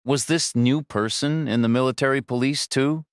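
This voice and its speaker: A man voicing a frail old woman who speaks hesitantly, wavering, low and resigned. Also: normal speed, clean tone, no echo, clean studio sound, natural voice.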